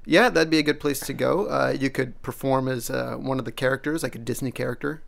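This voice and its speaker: A man from Mexico with a gravelly, fry-laden voice, playing the straight man in a comedy bit. He answers his partner's nonsense with dry, flat, exasperated replies. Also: mid-range voice, a little fast. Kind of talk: improvised comedy banter.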